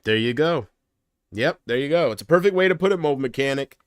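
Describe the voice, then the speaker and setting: A man chats on his home livestream in a loose, rambling way, cracking jokes and laughing at them. His voice sits at an ordinary pitch. The sound is dry and close, from a desk mic in a small room. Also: animated, brisk, no room sound. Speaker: livestream host. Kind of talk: casual livestream chat.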